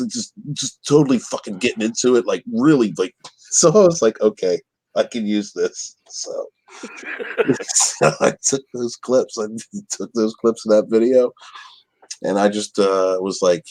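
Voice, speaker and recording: A man's voice: low voice, a little mellow, no echo. A man chatting casually on a podcast, rambling and crude, stumbling over his words and laughing often. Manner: crude, rambling, stammers and restarts, laughs a lot. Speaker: guest on a podcast.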